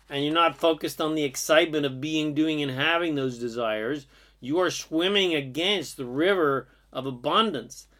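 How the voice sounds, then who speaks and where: Man with a bright, slightly high voice doing an earnest spiritual monologue, slow drawn-out phrasing. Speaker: spiritual speaker. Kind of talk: inspirational monologue.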